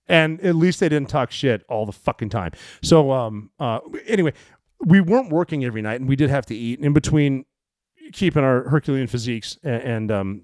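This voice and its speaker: A man's voice: mid-range voice, darkish tone, no echo. A man in his forties telling a story in a casual, rambling way, profane and wry.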